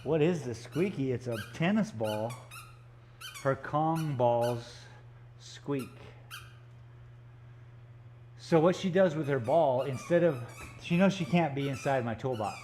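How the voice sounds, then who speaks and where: A man's voice: medium pitch, lively intonation, slow, pauses often, a little mellow, a little hiss or hum. A man chatting casually and joking in rambling asides while he paints live in an art gallery studio. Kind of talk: casual live-stream chat.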